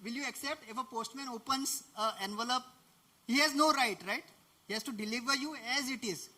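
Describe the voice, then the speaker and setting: A man with an Indian English accent gives a devotional lecture in a conversational teaching manner. His voice sits high and sounds bright and forceful, and he often breaks into laughs and asks his listeners rhetorical questions. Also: a little fast. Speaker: preacher.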